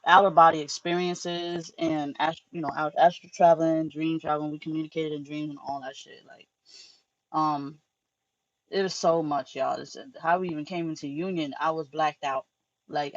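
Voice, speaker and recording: Profane, animated woman spiritual vlogger. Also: deep voice, no echo, muffled recording. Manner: loose, profane, animated storytelling. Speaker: spiritual teacher. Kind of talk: casual spiritual monologue.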